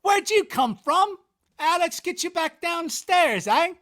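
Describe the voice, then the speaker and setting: A man's voice: very high-pitched, lively intonation, takes it slowly, fairly bright tone, pitched above the performer's own voice, exaggerated voice. A man voicing a friendly Scottish night watchman with a Scottish accent in a lilting, exaggerated storybook reading voice. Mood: cheery. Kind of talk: reading a bedtime story aloud.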